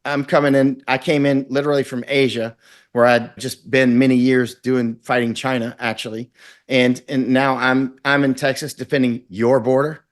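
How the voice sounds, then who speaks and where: A middle-aged man from Florida speaks as an interview guest at an ordinary pitch. He talks intensely and rambles, slipping into acted-out quotes as he goes. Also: level tone, normal speed. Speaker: guest, war correspondent. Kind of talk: conversational interview.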